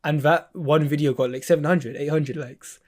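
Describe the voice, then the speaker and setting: A man's voice: fairly high pitch, steady tone, normal speed, darkish tone. A man mentoring in a casual chat, laid-back and slangy, calling the listener bro.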